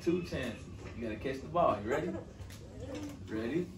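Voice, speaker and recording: A man's voice: medium pitch, expressive, moderate pace, over music. A man talking baby talk with his young son, playful and coaxing, recorded in a hospital room. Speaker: father. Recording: echoey room, distant mic, faint noise.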